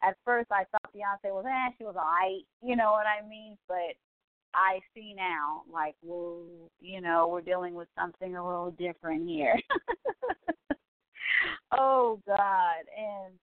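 A woman in her forties hosting a show, chatting casually in an excitable, gushing way full of exclamations. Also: mid-range voice, takes it slowly, no echo. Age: 40s. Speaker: podcast host. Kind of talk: casual chat. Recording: tinny phone-like line, dry.

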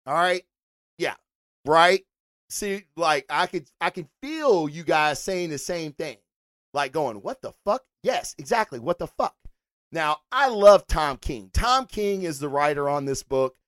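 Man, podcast host, lively swinging pitch, casual rambling, swears a lot, dry close sound. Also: no echo. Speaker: podcast host, comic reviewer. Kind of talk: casual solo review rant.

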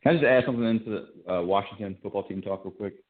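A man co-hosting a sports talk show, adding short, measured comments. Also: lowish voice, narrow, tinny audio, heavy background noise.

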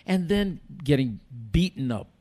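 A man's voice: on the high side, unhurried. Older New man telling stories. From United States. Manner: animated storyteller who acts out quoted dialogue. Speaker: guest, former boxing commissioner. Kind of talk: casual storytelling on a podcast.

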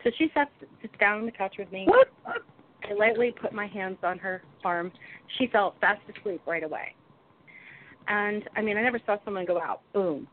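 Chatty older woman on a phone line. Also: mid-range voice. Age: 60s. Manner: animated, acts out the other people's voices in her anecdotes. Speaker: guest healer. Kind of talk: casual storytelling on a call-in show. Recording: phone line with faint noise.

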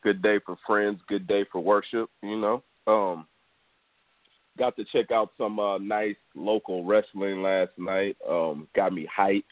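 A man in his thirties from Houston, Texas, co-hosting a podcast and telling a story in a relaxed, rambling way full of fillers. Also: lowish voice, measured pace, no room sound. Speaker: podcast co-host. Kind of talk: casual storytelling chat. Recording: dry, tinny phone line.

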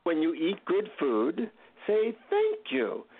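A man voicing an elderly male Indian guru with an Indian accent, speaking slowly and solemnly over a tinny phone line. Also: high voice, wildly swooping pitch, pitched above the performer's own voice, full character voice. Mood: instructive.

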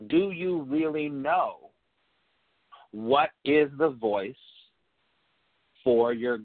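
A man giving a reflective spiritual teaching talk, speaking deliberately and repeating phrases for emphasis. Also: medium pitch, no echo. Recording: narrow phone-like sound, dry.

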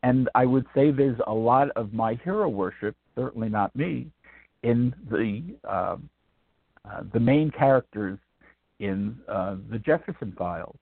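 Elderly male author, reflective and halting; phone-quality audio, dry. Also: medium pitch, gravelly, no room sound. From Brooklyn, New York. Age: 80s. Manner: rambling, reflective, many ums and restarts. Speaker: author guest. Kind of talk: radio interview answers. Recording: tinny dry phone line.

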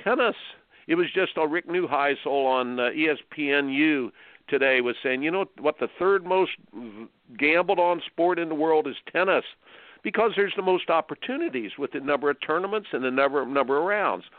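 A man in his seventies from Indiana, hosting a radio tennis show and telling stories with bursts of excited exclamations. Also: a little high, moderate pace, dry recording. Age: 70s. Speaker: tennis coach and host. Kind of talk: radio show interview, storytelling. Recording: tinny dry phone line.

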